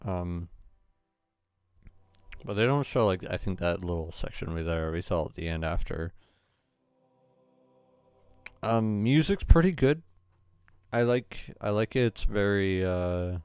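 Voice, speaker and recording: A man's voice: sits low, darkish tone, clean tone, no room sound. A man hosting a gaming channel, giving casual, rambling play-through commentary with lots of hesitant fillers.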